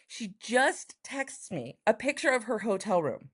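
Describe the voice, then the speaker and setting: A woman's voice: measured pace, breathy edge. A woman from Texas, a writer and performer, telling a personal story in an interview, acting out the voices of the people she quotes. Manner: lively, acts out quoted voices with big pitch jumps. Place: home in Los Angeles, noise next door.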